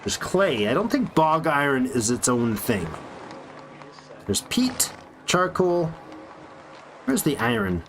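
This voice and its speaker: A man talks through his game as he streams it, rambling and joking to himself in a casual, unhurried way. His voice sits a little high and swings up and down expressively, with a faint hiss behind it. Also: very animated, fairly bright tone. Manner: chatty, thinking aloud, joking to himself. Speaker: let's play streamer. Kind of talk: casual gameplay commentary.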